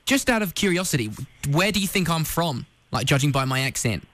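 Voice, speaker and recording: A man's voice: fairly high pitch, lively intonation, a little fast, a bit bright, a little hiss or hum. A man putting on a broad Australian accent full of slang to play a chirpy caller in a prank call. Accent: put-on Australian, heard as British. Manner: cheery, laying on Aussie slang. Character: chirpy Aussie bloke called Brad. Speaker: radio host doing a prank call.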